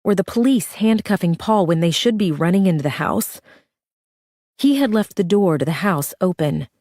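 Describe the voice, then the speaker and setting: Lady narrating a dark thriller audiobook, lowish voice, tense urgent read, dry close sound. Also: dry recording. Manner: tense, urgent dramatic reading.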